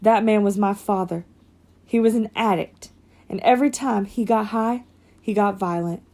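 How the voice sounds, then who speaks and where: A woman reading an audiobook voices a grown male track coach with a flat, hard, quietly intense way of talking. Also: mid-range voice, moderate pace, natural voice. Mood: somber.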